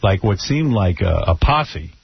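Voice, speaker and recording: A male radio show host telling a long, wry story in a casual, animated way, acting out what he said to people. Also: deep voice, gravelly, a crowd in the background. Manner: animated, wry, drawn-out anecdote with acted-out quotes. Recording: dull lo-fi radio broadcast.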